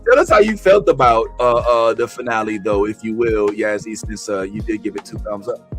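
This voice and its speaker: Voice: mid-range voice, normal speed, soft background music. A livestream host running a casual chat, upbeat and addressing the viewers.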